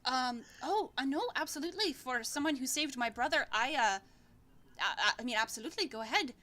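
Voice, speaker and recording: A woman's voice: high voice, animated, fairly quick, pushed and bright. A woman voicing a flustered, grateful townsman who stammers and hesitates.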